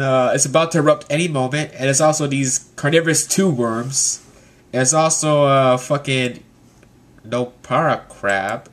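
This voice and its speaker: A man doing a casual comic recap of a manga chapter. He rambles and swears, talks at a mid pitch, and laughs often as he goes. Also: fairly bright tone.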